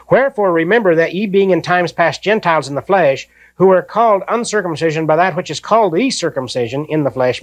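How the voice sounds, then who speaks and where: An older man preaching a sermon, reading scripture slowly and then explaining it in plain, folksy talk. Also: on the high side.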